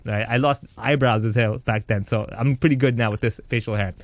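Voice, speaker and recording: A man in his thirties tells his own story at a brisk clip, mixing candor with jokes and quick bits of acted dialogue. His voice sits at an ordinary middle pitch. The sound is close and dry, with no room around it. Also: no room sound. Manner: animated, joking, acts out voices in quotes. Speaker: interviewee. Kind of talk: candid personal storytelling.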